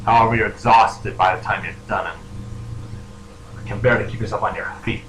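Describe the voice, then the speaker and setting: A man's voice: lowish voice, steady tone, fairly quick, fairly bright tone. A man narrating as game master, hesitant and full of fillers. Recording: echoey room with noise, poor audio.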